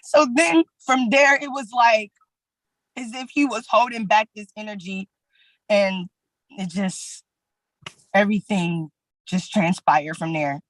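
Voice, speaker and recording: Woman testifying haltingly in court, dry sound. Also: mid-range voice, no room sound, poor audio. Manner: halting, filler-heavy retelling. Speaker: petitioner in a court hearing.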